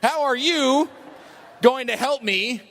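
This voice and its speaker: A man putting on a brash, suspicious woman's voice, pitched well above his own and barking out accusations. She sounds indignant and pushy. The echo of a big hall trails behind her. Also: slow pace. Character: pushy suspicious woman, an angry small-town prospect.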